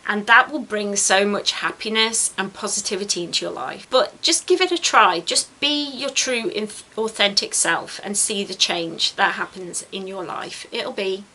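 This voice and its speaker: A woman's voice: mid-range voice, normal speed, hardly any pauses, bright, forceful tone. A tired woman vlogger talking to camera, giving earnest, encouraging self-help advice and repeating words for stress. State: tired, yawning.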